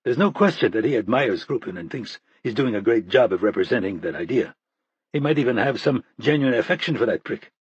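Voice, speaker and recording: A man voicing a stressed CIA Russia chief with a faint Russian accent, agitated and blunt, in a husky voice. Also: medium pitch, animated, brisk, dry recording, highs cut off. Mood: grim. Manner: agitated, swearing.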